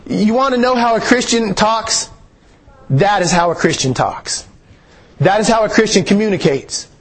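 Male preacher, husky and high-pitched, earnest and repetitive delivery. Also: expressive, moderate pace. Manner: earnest, repeats phrases for emphasis. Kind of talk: sermon.

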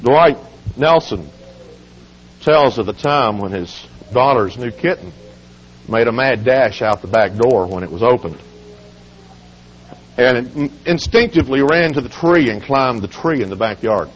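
A hoarse man with a cold, speaking as a guest at a children's home and telling humorous stories in a relaxed, folksy way. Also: medium pitch, unhurried, pauses often. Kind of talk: folksy storytelling sermon. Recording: dull lo-fi recording.

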